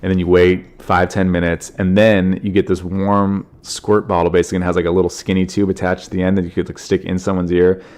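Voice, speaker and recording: A man with a cold, sniffling as he tells rambling, animated stories on his solo podcast. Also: low-pitched, quick pace, few pauses. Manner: animated, rambling, frequent fillers. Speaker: podcast host, comedian. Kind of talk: casual solo podcast storytelling.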